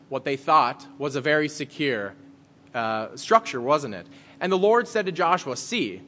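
A pastor giving a conversational sermon, reading scripture aloud and then explaining it in plain words. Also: male voice, fairly high pitch, a bit bright.

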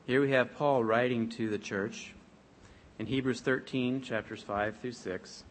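A man preaching a sermon, reading scripture aloud in a measured, emphatic way. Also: medium pitch, steady tone, slight background noise.

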